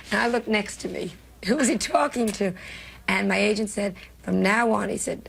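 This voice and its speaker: A woman's voice: mid-range voice, normal speed, gravelly, breathy edge. An older woman from New York, a comedian telling brash, self-mocking stories in an interview, emotional and laughing often. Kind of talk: candid interview storytelling.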